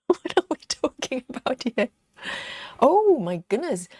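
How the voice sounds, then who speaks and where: A woman's voice: high-pitched, sing-song, slow, darkish tone, husky, dry recording, clean studio sound. A woman hosting a casual live stream, chatting and giggling as she reads viewer comments aloud. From United Kingdom.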